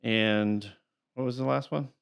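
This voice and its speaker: Male co-host, mid-pitched, casual and rambling, reads trivia aloud between hesitations. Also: fairly even intonation, gravelly. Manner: rambling, halting, reads character facts aloud. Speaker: podcast co-host. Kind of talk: casual chat.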